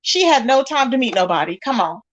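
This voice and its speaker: High-pitched woman host, lively chatty stream talk, greets viewers warmly by name. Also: brisk. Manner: animated, chatty, calls viewers "child" and "baby". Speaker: livestream host reading chat. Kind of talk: casual chat.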